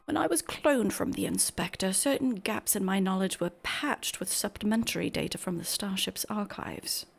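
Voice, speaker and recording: A woman streamer voicing a calm, clinical male clone scholar in whispered role-play, speaking in a hushed, measured way. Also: medium pitch, vocal fry, slightly rough.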